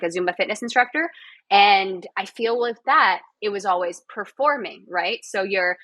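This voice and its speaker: A woman's voice: mid-range voice, a bit bright, no room sound. A young Canadian woman with a Canadian accent, chatting animatedly as a podcast guest and laughing often. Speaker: podcast guest, actor and physiotherapist. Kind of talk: casual podcast interview.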